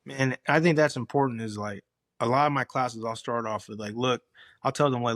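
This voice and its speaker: A man's voice: medium pitch, a little fast, no room sound, clean studio sound. A man speaking as a guest on a podcast, a firefighter and instructor telling stories earnestly, with frequent restarts as he goes. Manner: earnest, animated storytelling with many restarts. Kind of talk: casual conversational interview.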